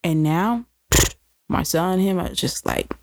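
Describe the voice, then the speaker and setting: A woman co-hosting a casual chat, a mother telling animated stories and teasing competitively. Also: lowish voice, unhurried, noisy background. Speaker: podcast co-host, mother.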